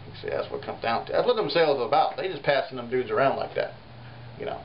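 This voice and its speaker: A folk artist, rambling through a comic monologue full of "you know.". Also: male voice, mid-range voice, fast. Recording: muffled home recording with faint hiss.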